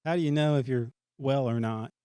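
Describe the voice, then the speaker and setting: A man's voice: mid-range voice, a little fast, warm tone, clean tone, dry recording. A man co-hosting a podcast, easygoing and enthusiastic in casual chat. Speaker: podcast co-host.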